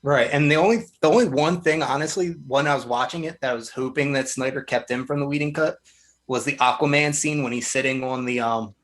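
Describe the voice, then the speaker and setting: Guy on a movie podcast, bright voice, keeps doing the characters' lines. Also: medium pitch, fairly quick. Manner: animated, acts out movie scenes. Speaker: podcast co-host. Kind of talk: casual movie review chat.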